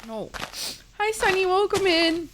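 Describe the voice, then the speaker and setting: A woman's voice: very high-pitched, big pitch swings, measured pace, a bit bright, a little hiss or hum. A woman live-streaming a game and chatting with viewers, gushing and teary, swearing freely as she thanks them. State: teary, crying. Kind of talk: casual live-stream chat. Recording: music playing behind. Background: background music.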